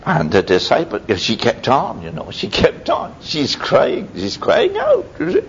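Animated preacher with a lively, leaping voice. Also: male voice, measured pace, vocal fry. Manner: lively storytelling with sudden high-pitched exclamations. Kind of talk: sermon. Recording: dull lo-fi recording with faint rumble.

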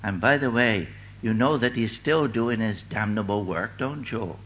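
An older man preaching a sermon with fervent delivery, swinging from loud declaiming to hushed asides. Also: on the low side, unhurried, muffled recording.

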